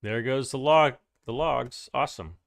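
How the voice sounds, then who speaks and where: A man's voice: mid-range voice, normal speed, vocal fry, no echo, studio quality. A man hosting a live game stream, chatting casually to viewers, greeting them by name and rambling through restarts as he plays.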